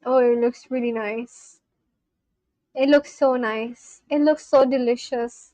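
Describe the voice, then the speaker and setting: High-voiced gushing young woman streamer. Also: fairly even intonation, slow, dark tone, no room sound, highs cut off. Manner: gushing, exclaiming often. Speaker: livestreamer. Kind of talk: casual livestream chat.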